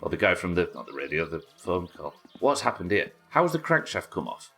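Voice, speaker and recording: A man's voice: low-pitched, very animated, a little fast, pushed and bright, slightly rough, faint music behind. A British man streaming a game live, chatting casually with viewers, reading out their messages and swearing freely. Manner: chatty, swears, reads chat aloud. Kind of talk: casual gameplay chat.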